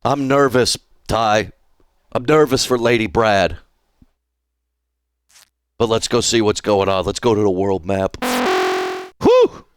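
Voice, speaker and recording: A man's voice: fairly low pitch, fairly even intonation, a little slow, pauses often, smooth, faint music behind. A man streaming live, chatting casually and jokily with his chat. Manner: playful, jokey, talks to chat.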